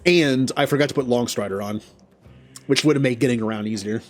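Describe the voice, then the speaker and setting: Male host for a game playthrough: casual, self-deprecating, talks his choices through out loud. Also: medium pitch, brisk. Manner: thinking aloud, chuckling, self-deprecating. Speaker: gaming channel host. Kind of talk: let's play commentary.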